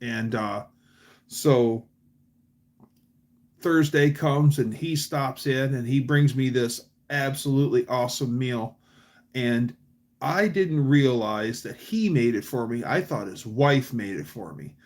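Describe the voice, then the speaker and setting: A man hosting a livestream, telling long casual stories with restarts and animated quotes. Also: medium pitch, slow pace. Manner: rambling anecdotes with restarts, quotes voices animatedly. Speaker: livestream host.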